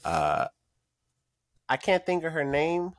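A man co-hosting a casual podcast, who speaks earnestly in halting phrases. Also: a little high, huge pitch swings, no room sound, studio quality. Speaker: podcast co-host. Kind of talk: casual chat.

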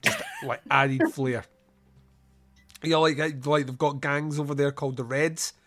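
A man's voice: fairly high pitch, fairly even intonation, measured pace, fairly bright tone, faint music behind. A man hosting a podcast, chatting casually about a film, laughing often and acting out lines in silly voices. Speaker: podcast host. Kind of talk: casual film review chat.

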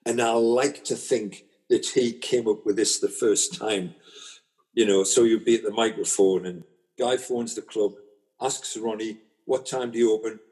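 A man's voice: lowish voice, fairly even intonation, measured pace, darkish tone, slightly rough. A man hosting a casual chat, reflecting conversationally and stammering on his restarts.

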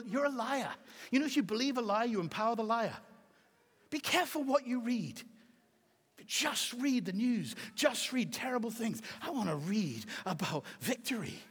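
A middle-aged man preaching a sermon as pastor, emphatic and swinging from soft to shouting. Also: extremely high pitch, expressive, moderate pace, husky. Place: church auditorium. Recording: reverberant hall.

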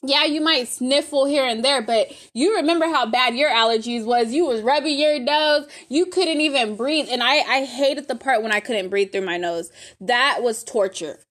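A woman's voice: high-pitched, normal speed, fairly bright tone. A woman giving a casual spoken testimony, rambling and faith-filled, calling her viewers y'all.

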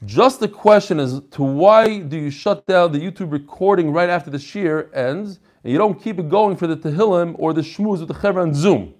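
A man with a fairly high voice leads a relaxed class. He chats and jokes, reads out messages from listeners, then moves on to the text. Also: normal speed, hardly any pauses. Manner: chatty, joking, reads messages aloud. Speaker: rabbi teaching a Talmud class. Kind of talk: casual lesson with reading of emails.

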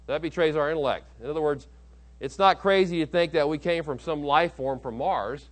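A man's voice: on the high side, lively intonation, moderate pace. Emphatic preaching man. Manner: emphatic, with rhetorical questions to the congregation. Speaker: pastor. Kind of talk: sermon. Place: church auditorium.

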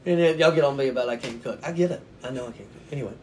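A man in casual podcast chat, telling a long story about himself with a self-mocking streak and frequent laughter. His voice sits at a medium pitch, with a faint low rumble behind it. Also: very fast. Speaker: podcast guest, author.

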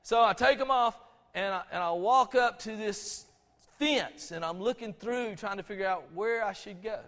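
A man's voice: sits high, normal speed, fairly bright tone. A middle-aged man from Georgia with a Southern accent, preaching a storytelling sermon in a folksy, conversational way, often restarting his sentences. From Albany, Georgia, USA. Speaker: pastor. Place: church sanctuary. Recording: long reverb of a church sanctuary.

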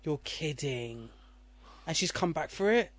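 A woman co-hosting a podcast in casual chat, excitable and quick to laugh. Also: low voice, dry recording. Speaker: podcast co-host.

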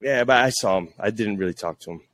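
A man telling stories in a casual podcast chat, jumping into high voices when he quotes people. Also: quick pace, no room sound. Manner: animated, acts out quotes in a high voice. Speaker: podcast guest, police social media officer.

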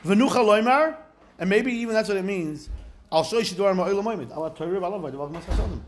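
Male Torah teacher, lively and conversational, fairly high voice. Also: fast. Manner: lively, conversational, mixes Hebrew phrases into English. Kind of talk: informal Torah class.

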